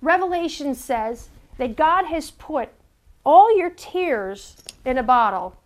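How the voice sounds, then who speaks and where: High-voiced woman preaching an earnest sermon. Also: expressive, slow. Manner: earnest, repeats words while searching for them, asks listeners direct questions.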